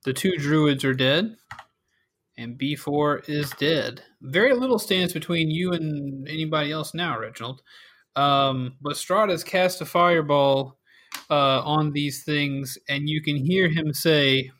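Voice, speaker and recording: A man narrates a tabletop game as its game master, calling out rolls and damage. He talks slowly in a slightly high voice, dotted with fillers. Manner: relaxed, with frequent fillers.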